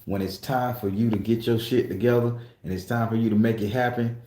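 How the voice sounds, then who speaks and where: A man pours out a heartfelt personal story, swearing freely and pressing hard on his points. His voice sits in a mid range with a mellow, darker tone. The room around him rings with a noticeable echo. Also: medium pitch, fairly even intonation, a little fast, a little hiss or hum. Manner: profane, emphatic, emotional. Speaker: tattoo shop client. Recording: echoey room.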